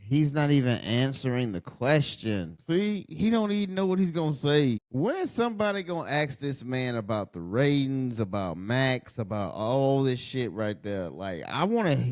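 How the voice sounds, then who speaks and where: A tired man rants through a late-night wrestling show, blunt, profane and mocking. His voice sits at an ordinary pitch and is recorded close and dry, with no room sound. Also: big pitch swings, moderate pace, hardly any pauses, a little mellow, dry recording. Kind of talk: casual ranting commentary over a live show.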